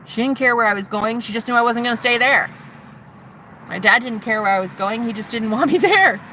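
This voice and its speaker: A woman's voice: on the high side, fairly quick, sharp tone, a little hiss or hum. A woman vlogger in a car, bluntly telling a personal story with plenty of swearing and emphatic repetition.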